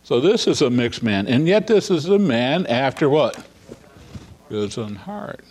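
A man's voice: medium pitch, very animated, measured pace, darkish tone. A man teaching an informal Bible study, chatting through scripture scenes, asking his listeners rhetorical questions and paraphrasing the dialogue. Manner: conversational, asks listeners rhetorical questions and chuckles.

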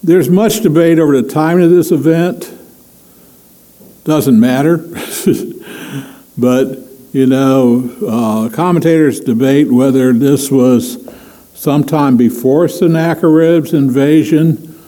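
A man's voice: a little high, slow, warm tone, poor audio. A man preaching a conversational sermon as pastor, chatty with frequent chuckles and many fillers.

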